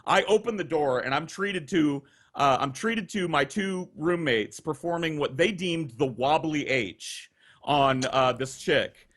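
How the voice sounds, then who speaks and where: A man telling a profane, animated story in casual style, acting out the voices, over a video call. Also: on the high side, unhurried. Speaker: storyteller guest.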